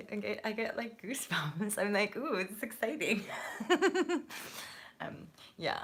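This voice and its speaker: A woman's voice: low-pitched, a little hiss or hum. A woman hosting a live tarot reading, chatty and effusive, with many fillers. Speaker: tarot reader and channel host.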